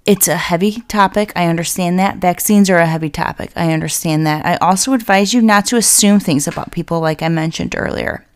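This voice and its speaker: A woman's voice: on the low side, a little fast, few pauses. A young woman hosting a podcast who vents in a casual, blunt and profane monologue, getting fired up as she talks. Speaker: podcast host.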